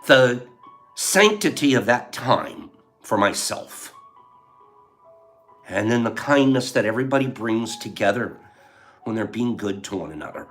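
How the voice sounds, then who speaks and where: A man's voice: fairly low pitch, animated, measured pace, long pauses, a bit bright, faint music behind. An older man hosting a casual livestream, emotional and heartfelt, laughing often as he chats with viewers. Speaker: livestream host.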